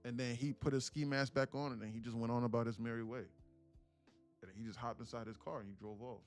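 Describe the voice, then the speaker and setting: A man's voice: medium pitch, fairly even intonation, fast, soft background music. A man hosting a casual live trading stream, telling a rambling story in a slangy way. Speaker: day trader and livestream host. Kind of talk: casual livestream chat.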